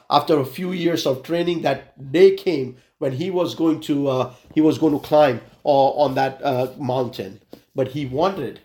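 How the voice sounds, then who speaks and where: A man's voice: mid-range voice, darkish tone, roomy sound. A man preaching a sermon, telling an illustration and leading a prayer, with frequent fillers and restarts. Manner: halting, many fillers and restarts.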